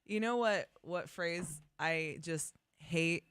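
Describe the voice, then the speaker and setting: A young woman co-hosts a radio show, chatting in casual morning banter that's animated and emphatic, swinging into mock voices. Her voice is on the low side, slow, clear, and resonant, recorded dry.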